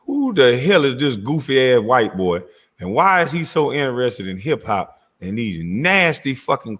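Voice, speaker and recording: Husky-voiced man ranting with swings in pitch. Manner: mocking, cursing, laughing loudly. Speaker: commentary channel host. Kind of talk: profane reaction rant.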